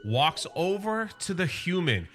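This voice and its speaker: A man's voice: high voice, very animated, measured pace, a bit bright, faint music behind. A man hosting a comic book channel, casually and enthusiastically recapping an issue and reading the quotes aloud.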